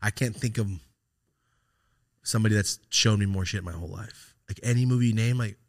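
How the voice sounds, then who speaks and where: A man's voice: on the low side, a little fast, a little mellow. A man hosting a podcast, telling a personal story in a loose, profane, reflective way, with many fillers and restarts. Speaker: podcast host. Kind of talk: casual storytelling chat.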